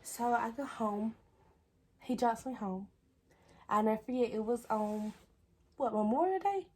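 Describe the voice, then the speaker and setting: A woman's voice: fairly high pitch, a little slow, warm tone. A young woman, chattily telling a personal story on her vlog. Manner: chatty, repeats "I was like". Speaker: vlogger. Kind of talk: casual storytelling.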